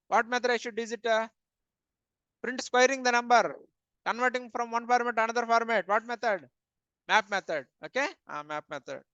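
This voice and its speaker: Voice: medium pitch, a bit bright, no room sound. A programming instructor teaching a live coding class, asking the students questions, answering them, and saying "okay" often. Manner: plain repetitive wording, many "uh" fillers. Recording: dull, dry lo-fi recording.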